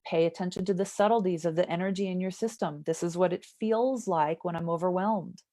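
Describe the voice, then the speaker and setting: Lower-pitched woman explaining earnestly. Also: a little fast, dark tone. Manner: earnest, explanatory, often checks in with "right?". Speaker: somatic trauma therapist. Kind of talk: interview guest explaining.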